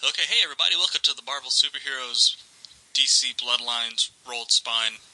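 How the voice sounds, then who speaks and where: A man hosting a podcast in casual chat, telling stories with animated delivery, acting out the voices he quotes and laughing often. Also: mid-range voice, brisk, faint music behind, low-quality recording. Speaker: podcast host.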